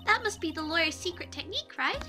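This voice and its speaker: A woman's voice: very high voice, expressive, quick pace, music in the background, pitched above the performer's own voice. A woman voicing an earnest, wide-eyed little girl in a game read-along, sounding breathless and childlike. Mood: admiring.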